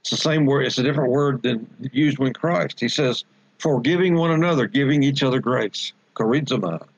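A pastor delivers a Bible study, pausing to unpack Greek words and repeating his points for emphasis. His voice is gravelly and a little husky. The recording is dull and dry, without room echo. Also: mid-range voice.

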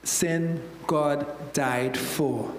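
A man's voice: fairly high pitch, fairly even intonation, extremely slow, echoey room, long reverb tail, a little hiss or hum, low-quality recording. A man, a church elder, preaching a sermon and acting out voices from the story. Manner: preaching, acts out voices in scripture stories.

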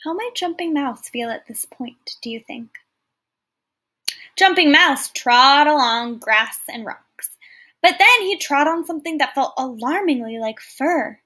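A woman teacher with a high-pitched, bright, forceful voice reads a folktale aloud to children, expressive and unhurried. It's a read-aloud lesson: she's clear and explanatory, explaining words and often putting questions to her listeners.

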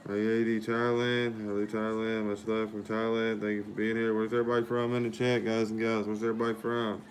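Livestream host, male, deep-ish and even, runs through viewer thank-yous in a steady drone. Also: a little fast, slight background noise. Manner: repetitive shout-outs and thanks to viewers. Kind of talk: casual live-stream chat.

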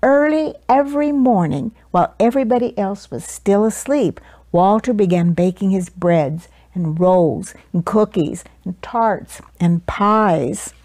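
A woman reading a children's picture book aloud with expressive storytelling. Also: mid-range voice, measured pace, hardly any pauses, no echo.

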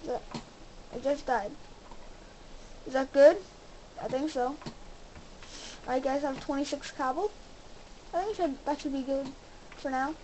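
A young woman hosting a gaming channel, giving casual commentary as she plays and talking excitedly to her viewers. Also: high voice, a little slow, long pauses, slight background noise, rough recording. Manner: excitable, exclaims and talks to viewers.

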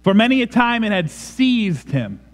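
A man's voice: sits high, big pitch swings, unhurried, long reverb tail. A man preaching a sermon in a church, emphatic and dramatic. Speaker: pastor. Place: church sanctuary.

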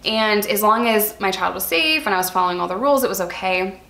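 A woman's voice: medium pitch, lively intonation, quick pace, pushed and bright. Earnest woman vlogger, roomy echo. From New York. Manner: earnest, chatty, addresses viewers as "you guys". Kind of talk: candid personal storytelling to viewers.

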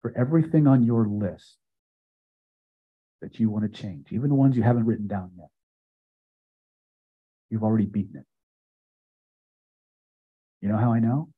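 An older man teaching a live self-help seminar, speaking emphatically and building phrases up loud before dropping to a hush. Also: lowish voice, moderate pace, long pauses, breathy edge, narrow, tinny audio. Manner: emphatic, builds repeated phrases to loud peaks then drops quiet. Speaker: hypnosis and self-help trainer. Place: seminar room with audience.

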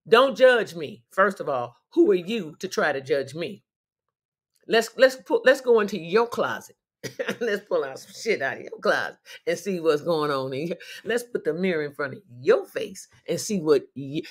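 Sassy woman preaching on a livestream. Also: fairly low pitch. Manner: sassy, preachy, swings between soft reflection and loud outbursts; laughs often between phrases. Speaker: livestream host. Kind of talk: casual inspirational talk.

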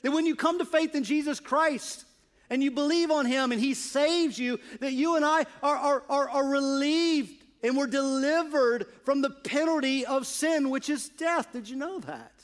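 High-voiced earnest male pastor preaching. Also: moderate pace. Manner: earnest preaching, swings between hushed and emphatic. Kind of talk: sermon. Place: church.

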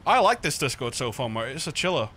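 A man streaming a driving game, chatting casually and breaking into excited outbursts. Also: mid-range voice, fast talker, slight background noise. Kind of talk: casual gaming chat.

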